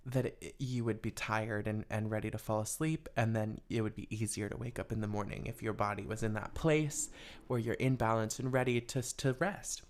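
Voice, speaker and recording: A man's voice: on the low side, steady tone. Rambling young man musing on advice. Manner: rambling and musing, many fillers, quick laughs. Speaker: podcast host giving advice. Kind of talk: casual advice podcast.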